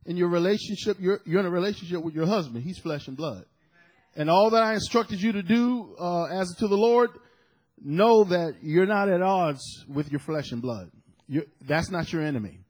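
Male pastor, sermon delivery, husky, high lively pitch. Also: poor audio. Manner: animated preaching with shouted sound effects.

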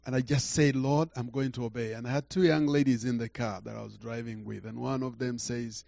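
Older preacher man telling a story, gravelly voice, dull lo-fi recording. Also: mid-range voice, steady tone, no echo. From Uganda. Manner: halting, repeats words, swings from quiet to loud. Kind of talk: storytelling sermon.

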